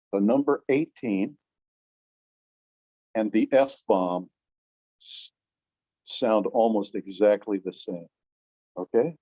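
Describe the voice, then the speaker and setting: A middle-aged man teaching a language class in a chatty, animated way, often asking the class questions. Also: mid-range voice, husky, lo-fi sound. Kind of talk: classroom lecture.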